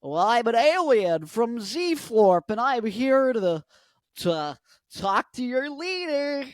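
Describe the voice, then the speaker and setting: A man voicing a solemn male alien visitor, speaking slowly and deliberately. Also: very high voice, sing-song, dry recording, clean studio sound, pitched above the performer's own voice, exaggerated voice.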